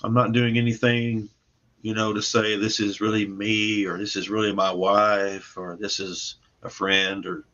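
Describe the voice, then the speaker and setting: Low, bright-toned man with muffled audio. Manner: rambling, repeats words, easygoing. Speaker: comic creator and guest. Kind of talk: casual livestream interview.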